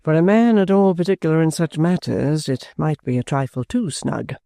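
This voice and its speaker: A man voicing an earnest young dramatist who speaks in a measured way. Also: on the high side, gravelly, dark tone, dry recording, clean studio sound, pitched above the performer's own voice.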